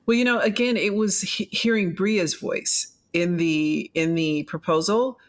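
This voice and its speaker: A middle-aged woman author talking as a guest in a casual interview, animated, laughing and acting out her own quoted lines. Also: on the low side, a little slow. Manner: animated, laughing, quoting herself.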